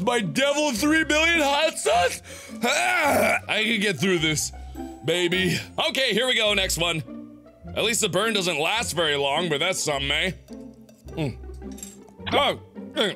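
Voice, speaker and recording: Yelping, high-pitched man gaming. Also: sing-song, a little slow, faint music behind. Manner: loud, exclaiming, yelping in pain. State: teary from wasabi burn. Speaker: gaming video host. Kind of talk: let's play commentary.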